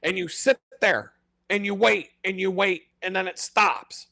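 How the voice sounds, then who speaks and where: Male streamer, foul-mouthed exasperated rant, bright tense voice, dry close sound, self-mocking. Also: high-pitched, measured pace, gravelly, no room sound. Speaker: live-stream host. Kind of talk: unscripted ranting monologue.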